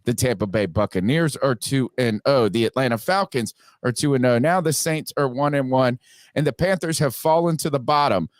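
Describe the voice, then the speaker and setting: A man hosting a sports podcast, upbeat and quick with his plugs. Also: mid-range voice, dry recording. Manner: upbeat, promotional, rapid plugs. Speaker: podcast host. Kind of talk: casual sports podcast talk.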